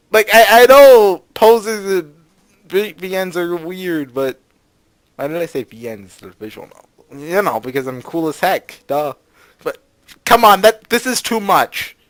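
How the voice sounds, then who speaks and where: Lively sarcastic let's-play guy. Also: fairly high pitch, no echo. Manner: sarcastic, jokey asides between read lines. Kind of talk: reading a visual novel aloud with joking commentary.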